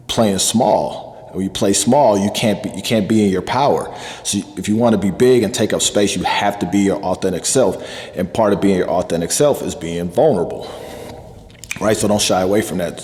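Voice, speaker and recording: A man's voice: lowish voice, a little mellow, in a large hall. A man giving a motivational self-improvement talk in an earnest coaching manner, with many fillers and repeated points.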